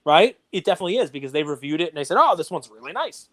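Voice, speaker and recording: Animated, ranting middle-aged man. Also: fairly high pitch, racing. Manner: animated, gets worked up and ranty. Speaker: podcast co-host. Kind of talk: casual chat.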